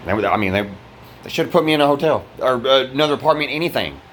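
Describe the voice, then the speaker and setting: A frustrated man vents in an angry vlog inside his fire-damaged apartment, swearing freely and stumbling through restarts. His voice sits at an ordinary middle pitch. A faint background hum runs under the recording. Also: expressive, quick pace, fairly bright tone. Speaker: vlogger.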